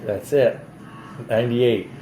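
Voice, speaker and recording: A man's voice: mid-range voice, steady tone, slow, noisy background, natural voice. A man playing someone who quizzes another man about his age, heard as a played clip. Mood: prodding. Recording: echoey clip with noticeable ambience.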